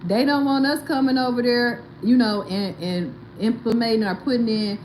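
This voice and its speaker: A woman's voice: fairly high pitch, normal speed, a little hiss or hum, rough recording. A woman host, talking bluntly and animatedly, reacting to viewer comments in casual commentary. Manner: blunt, animated, swearing and laughing. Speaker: livestream host.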